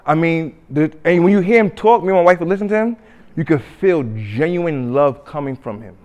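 A man preaching a sermon, telling a story with acted-out quotes and swings between loud and hushed delivery. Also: fairly high pitch, animated, brisk, highs cut off. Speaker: pastor.

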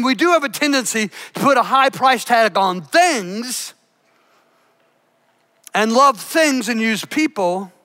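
An older man preaching to a church, his voice high and bright. He delivers the sermon with big swings, booming out some lines and dropping almost to a hush on others. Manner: emphatic preacher with big swings between loud and hushed. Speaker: pastor.

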